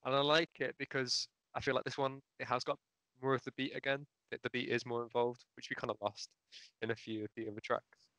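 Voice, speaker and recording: Thoughtful man with a bright, smooth voice. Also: medium pitch, level tone, a little fast, no echo, low-quality recording. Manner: hesitant, restarts and fillers, thoughtful. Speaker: podcast co-host. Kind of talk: casual music discussion. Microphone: video call mic.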